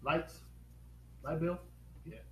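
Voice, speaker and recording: Male live-stream host, upbeat, fires quick questions at viewers; slightly high voice, roomy echo. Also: darkish tone. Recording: echoey room with faint noise.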